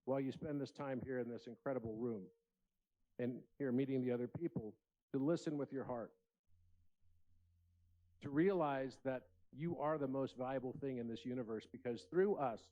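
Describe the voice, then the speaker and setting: A man's voice: mid-range voice, moderate pace, dark tone. Man delivering an earnest inspirational talk in a big hall; mid-range voice, muffled lo-fi sound. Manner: earnest, storytelling with acted voices. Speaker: conference speaker. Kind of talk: inspirational keynote speech. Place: large conference room.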